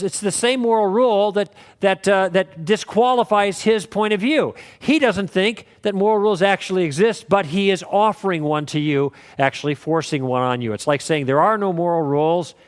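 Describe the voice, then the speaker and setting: High-voiced man lecturing in a hall. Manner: conversational storytelling with acted quotes. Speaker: teacher. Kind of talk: apologetics class lecture.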